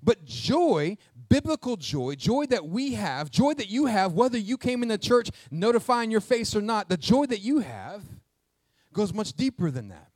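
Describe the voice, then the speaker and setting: Male pastor, energetic call-and-response sermon; high-pitched, dry close recording. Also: dry recording. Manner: energetic call-and-response preaching, asks the congregation questions; jokes aside in a quiet, quick low voice. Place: church sanctuary with congregation.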